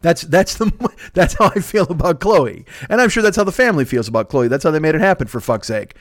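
A man's voice: fairly high pitch, expressive, fast talker, no echo, studio quality. A man riffing in a rambling, profane comedic monologue as a podcast host, laughing often and correcting himself.

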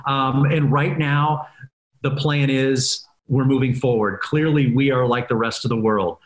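A man chatting as a guest in an interview, upbeat and quick to laugh. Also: mid-range voice, fairly even intonation. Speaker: guest, reality dating show host. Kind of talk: casual interview chat. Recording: roomy echo.

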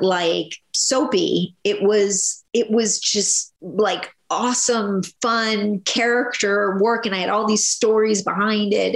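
A woman in her fifties, a soap opera actress, chatting in an interview in a rambling, animated way, full of restarts and "you know"s. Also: mid-range voice, roomy sound. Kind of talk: casual interview chat.

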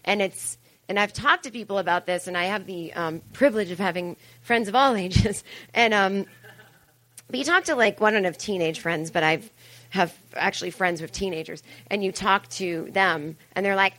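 On stage at a live venue, a forty-something comedian and podcast host delivers a chatty, foul-mouthed, self-deprecating monologue packed with asides. Her mid-range voice moves at normal speed with a fairly bright tone.

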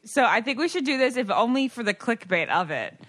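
A woman's voice: fairly high pitch, very animated, fairly quick, a bit bright, no echo. Teasing young woman leading the chat. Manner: teasing, steers the conversation. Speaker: podcast co-host. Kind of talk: casual chat.

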